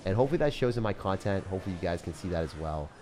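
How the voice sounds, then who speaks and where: A man's voice: deep voice, animated, very fast, a little mellow, a little hiss or hum. A young man streaming a mobile game, chatting casually and laid-back with viewers, saying dude and bro and laughing often. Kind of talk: casual live-stream chat.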